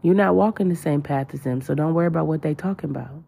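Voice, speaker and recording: A woman's voice: low-pitched, fast, creaky, mellow, slightly rough. A woman hosting a spiritual podcast, talking in a casual, emotional and slangy way, often repeating herself. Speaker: podcast host.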